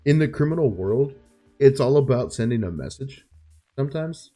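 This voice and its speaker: A man's voice: mid-range voice, lively intonation, moderate pace, mellow, soft background music. A man co-hosting a podcast, chatting casually and enthusiastically about a film, swearing freely as he retells scenes. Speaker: podcast co-host. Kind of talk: casual film review chat.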